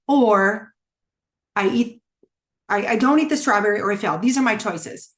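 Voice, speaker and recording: A woman's voice: mid-range voice, measured pace. A middle-aged woman coaching a wellness challenge, talking candidly and casually with many fillers and restarts. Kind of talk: casual teaching talk.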